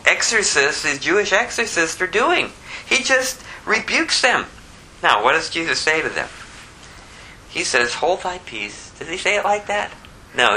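A male pastor preaching verse by verse, his voice very bright and sharp and pitched a little high. He drops to near-hushed asides, then climbs into loud, emphatic bursts. A faint hiss and low rumble sit under his voice. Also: poor audio. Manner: reads scripture aloud in King James wording. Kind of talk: expository Bible sermon.

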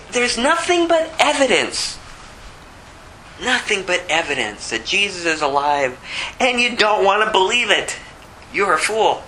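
A man preaching an expository sermon, shifting from slow, low scripture reading to emphatic, repeated rebukes. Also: sing-song, sharp tone, slight background noise, low-quality recording. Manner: repeats phrases for emphasis, chuckles at his own points.

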